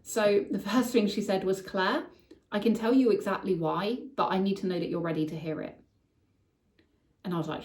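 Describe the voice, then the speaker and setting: A woman's voice: medium pitch, steady tone, normal speed, a little mellow. A woman telling a personal story in a candid, emotional way, swearing casually, as the host of her show. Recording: echoey room, voice somewhat far from mic.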